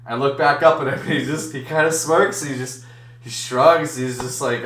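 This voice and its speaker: A man's voice: mid-range voice, moderate pace, reverberant, distant mic, a little hiss or hum. A man hosting a live stream, telling a story casually and acting out the voices of the people in it. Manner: animated, acts out other voices in his story. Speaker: streamer and card-break host.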